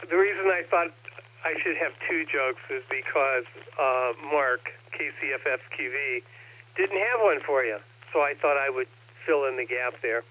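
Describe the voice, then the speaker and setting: Guy on a ham radio net, slow folksy delivery, slightly high voice, tinny radio sound. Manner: slow, folksy joke telling. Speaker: net caller. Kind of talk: amateur radio check-in. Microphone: radio transceiver microphone. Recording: narrow radio transmission audio.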